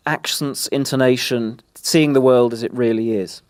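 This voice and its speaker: A man speaking at a conference, presenting in a halting way with frequent restarts. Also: mid-range voice, steady tone, dry recording, clean studio sound. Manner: halting, many fillers and restarts. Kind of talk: presentation talk.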